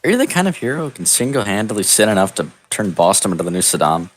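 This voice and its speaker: A man narrating an improvised comedic text adventure in a deadpan, mock-epic storybook manner over a voice call. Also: on the low side, quick pace. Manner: deadpan, absurd storybook delivery. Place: online voice call.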